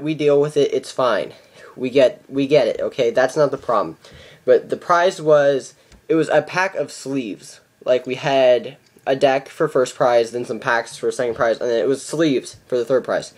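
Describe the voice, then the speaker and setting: A man's voice: mid-range voice, a little mellow. A seventeen-year-old boy ranting in a casual vlog, exasperated and repeating how ridiculous things are. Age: teens. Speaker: card game vlogger.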